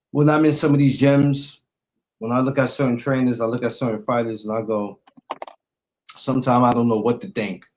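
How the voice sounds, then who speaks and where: Male podcast host, mid-pitched voice, blunt and relaxed. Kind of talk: casual chat.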